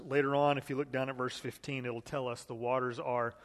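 A man's voice: medium pitch, flat delivery, a little fast, long reverb tail. A man teaching a Bible study in a conversational way, reading scripture aloud and asking the group questions.

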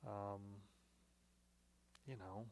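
A man's voice: on the low side, extremely slow, gravelly, in a large hall. A man teaching a Bible study in a conversational way, reading scripture aloud and asking the group questions.

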